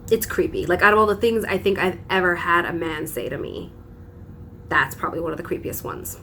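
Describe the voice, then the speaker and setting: A woman's voice: fairly low pitch, a little fast, pushed and bright, slight background noise. A young woman vlogging casually, telling a story with dramatic emphasis and frequent laughs.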